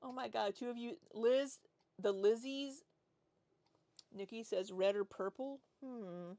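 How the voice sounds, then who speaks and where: Woman in her forties, slow unhurried talk, dry close sound, casual livestream chat, rambling. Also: fairly high pitch, mellow, no room sound. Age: 40s. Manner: rambling, reads chat aloud and answers. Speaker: livestream host.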